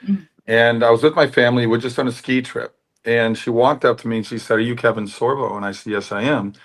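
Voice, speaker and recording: A man's voice: mid-range voice, fairly quick. A middle-aged American man telling stories in a candid interview and acting out the dialogue in them. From United States. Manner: animated storytelling, often acting out quoted dialogue. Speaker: actor and producer, interview guest.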